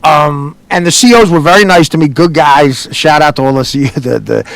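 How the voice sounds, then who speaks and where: Gravelly man telling a crude story. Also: fairly high pitch, normal speed, a bit bright, no echo. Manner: blunt, profane, comic. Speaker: radio guest.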